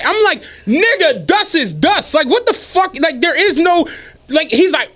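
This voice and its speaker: A young man telling a story in a profane, animated casual chat on a podcast, laughing often. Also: very high voice, moderate pace. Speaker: podcast host.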